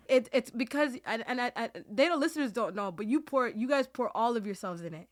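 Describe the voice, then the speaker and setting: A woman's voice: a little high, expressive, a little fast, hardly any pauses. Woman host, earnest and rambling, team-chat podcast. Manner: heartfelt, rambling, many restarts; Muslim phrases woven into speech.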